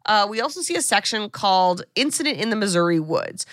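Chatty woman podcast host, bright voice, dry close sound, lots of likes and ums. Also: medium pitch, fairly quick, no echo. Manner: chatty, animated, many fillers and asides. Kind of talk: casual film recap chat.

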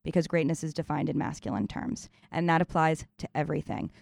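A woman hosting a casual conversation, speaking reflectively and often pausing to find the right words. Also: low-pitched, gravelly, darkish tone, no echo, clean studio sound.

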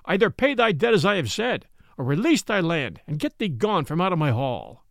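A man's voice: fairly high pitch, sing-song, normal speed, creaky, no room sound, studio quality. A man voicing a greedy, scornful prior who speaks sharply and in anger. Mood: angry. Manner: sharp, sneering, angry. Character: greedy, scornful churchman, grasping and harsh.

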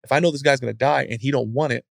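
A man giving a casual motivational talk as a guest speaker, acting out scenes in an animated, storytelling way. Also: medium pitch, racing, creaky, no room sound, clean studio sound.

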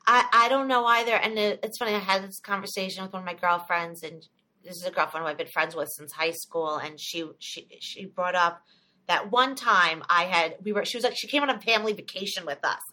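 Bright-voiced woman comedian telling stories. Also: fairly low pitch, fairly quick. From United States. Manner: animated storyteller, acts out quoted voices. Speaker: comedian guest. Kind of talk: casual storytelling chat.

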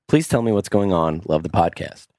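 A man's voice: low voice, animated, normal speed, heavy background noise. A man co-hosting a podcast, reading listener emails aloud with wry, playful wordplay. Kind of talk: casual chat.

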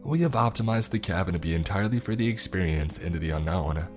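A man's voice: low voice, lively intonation, fast, over music. A man voicing an overly chipper female flight attendant who makes announcements in a sing-song way.

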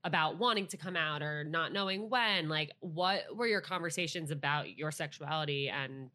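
A woman's voice: low voice, normal speed, bright, forceful tone. A woman hosting a podcast, asking questions in casual chat and reacting to her guest's story. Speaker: podcast host.

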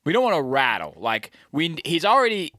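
A man telling a hunting story in casual slang, animated, often adding "you know what I mean" and acting out the deer's thoughts. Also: on the high side, brisk, dry recording, clean studio sound. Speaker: bowhunter recounting a hunt. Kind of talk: casual chat.

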